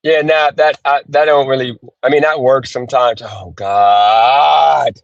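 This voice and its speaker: Sitting in his car, a man who does gig work vents on a live stream, swearing and going over the same complaints again and again. His mid-range voice stays steady at a normal speed. The audio is dry, dull phone sound without echo.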